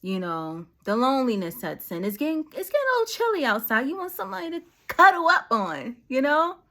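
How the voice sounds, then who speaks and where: Woman vlogger, kinda high voice, talks real casual and direct, like preaching to a friend. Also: sing-song, brisk, a bit bright. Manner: conversational, slangy, direct and preachy. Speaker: vlogger giving encouragement. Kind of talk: casual motivational talk to camera.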